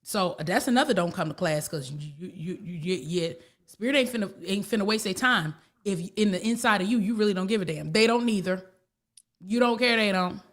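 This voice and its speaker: Speaking a little fast at a medium pitch, a woman spiritual teacher chats casually in a blunt, folksy style, saying things more than once to drive her points home.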